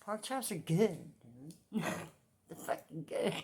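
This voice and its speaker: A woman in her forties ranting in a casual commentary vlog, profane and repetitive, with loud outbursts. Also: on the low side, lively intonation, slow pace. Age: 40s. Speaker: commentary vlogger.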